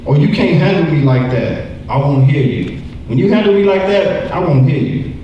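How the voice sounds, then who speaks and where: Animated man teaching from afar. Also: fairly high pitch, normal speed, lo-fi sound, a little hiss or hum. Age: 40s. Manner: animated, acts out quoted voices, repeats words. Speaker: church teacher. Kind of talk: Bible lesson. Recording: echoey room from far off.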